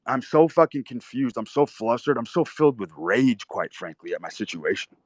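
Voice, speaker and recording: A man's voice: medium pitch, big pitch swings, moderate pace, dry recording. Young guy, mid-range voice, telling a raw, cuss-heavy personal story, recorded dry. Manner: intense, profane, vivid storytelling. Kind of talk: first-person storytelling monologue.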